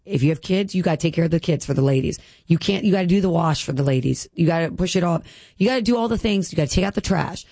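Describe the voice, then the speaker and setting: A woman's voice: fairly low pitch, animated, fast talker, dark tone, no echo. A woman in her thirties, a guest speaking earnestly and emotionally about her health, with many "like" fillers. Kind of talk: candid personal interview.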